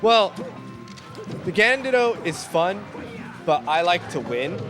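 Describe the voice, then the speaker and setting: Man, slightly high voice, casual swearing co-commentator over music. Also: big pitch swings, measured pace. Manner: profane, storytelling, loud impressions.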